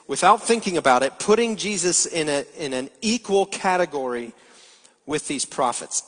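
A man's voice: high voice, a bit bright. A man giving a sermon as pastor, explaining scripture and asking his listeners rhetorical questions. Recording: long hall reverb.

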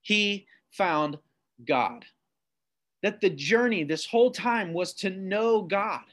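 A preacher delivering a sermon straight to viewers at home, with a fairly high voice. He reads scripture aloud and slows right down on the words he wants to land. He keeps turning questions back on the listener. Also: a bit bright. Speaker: pastor.

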